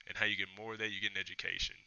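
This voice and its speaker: A man's voice: on the low side, level tone, very fast, vocal fry, sharp tone, clear, resonant tone. A man, a podcast guest chatting casually and telling reflective stories, acting out what people said. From Tennessee, US. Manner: reflective, storytelling, acts out quoted dialogue. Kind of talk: casual interview chat. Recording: dull lo-fi sound.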